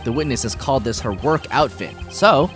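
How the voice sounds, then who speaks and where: A woman streaming a game, reading the dialogue aloud with drama and bursting into excited shrieks. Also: rumbling low, brisk, faint music behind. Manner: reads lines dramatically, breaks into loud excited shrieks and laughter. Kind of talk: live-stream game playthrough with voiced lines.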